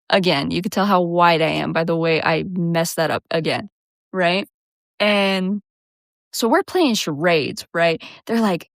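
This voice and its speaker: A woman's voice: lowish voice, no room sound, clean studio sound. A young woman from New Mexico with a Southwestern accent and a slight country twang, telling a story in a chatty, laid-back way and often tagging on "right?". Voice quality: slightly lazy, drawling speech. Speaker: vlogger. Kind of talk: casual storytelling to camera.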